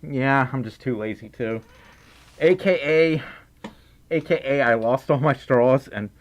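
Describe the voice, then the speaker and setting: A man's voice: medium pitch, measured pace, muffled recording. A man with a Southern US accent, hosting a casual livestream, silly and giggly, reading out donations and chat. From Mississippi, US South. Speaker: livestream host. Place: indoors at home, wearing a fursuit head.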